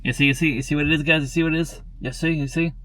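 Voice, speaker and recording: A man's voice: on the high side, steady tone, very fast, fairly bright tone, no room sound. Rambling man talking to his vlog viewers. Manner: rambling, tacks on "and everything" and "tell you what" constantly; talks straight to viewers, repeats words. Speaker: daily vlogger. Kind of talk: casual rambling vlog chat.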